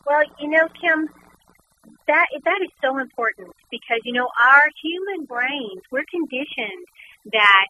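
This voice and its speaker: A woman guest and author telling a personal story in conversation, animated and repeating words as she goes. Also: high-pitched, unhurried. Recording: noisy background.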